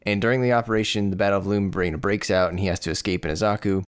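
A man with a low voice co-hosting a podcast, recapping events in a steady, measured manner. His delivery stays level through the casual chat. The recording is dry and close-miked. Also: clear, resonant tone, dry recording. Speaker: podcast co-host.

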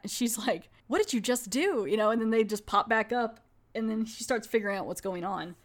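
A woman's voice: mid-range voice, steady tone, a little fast. A woman casually reviewing a horror anthology film, retelling scenes in a chatty way with quoted lines. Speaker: movie reviewer.

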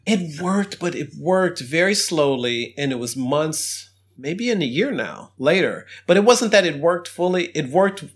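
A man co-hosting a podcast, telling a story in a calm, measured, reflective way. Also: on the high side. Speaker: podcast co-host. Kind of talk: casual conversation.

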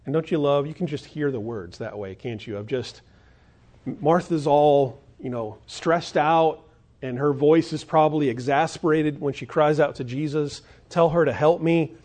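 A man's voice: fairly high pitch, moderate pace, darkish tone. Earnest male pastor preaching. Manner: earnest, emphatic, repeats key points. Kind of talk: sermon.

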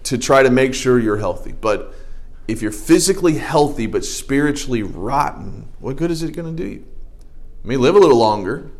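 A man's voice: mid-range voice, animated, normal speed, vocal fry, darkish tone. A man, a pastor, preaching a casual, folksy sermon full of jokes, asides and restarts. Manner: folksy, joking, conversational preaching with many restarts.

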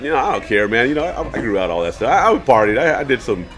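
Casting: middle-aged man, podcast co-host, loose and slangy storyteller, mid pitch. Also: very animated, fast, fairly bright tone. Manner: rambling, slangy, many restarts. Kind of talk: casual storytelling chat.

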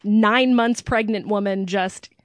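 A woman's voice: medium pitch, steady tone, slow pace, no echo. Chatty upbeat woman, dry close sound. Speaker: podcast co-host. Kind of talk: casual chat.

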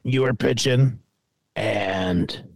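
A man co-hosting a podcast, chatting casually and chummily with quick, agreeable reactions. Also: lowish voice, vocal fry, no room sound. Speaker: podcast co-host. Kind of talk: casual chat.

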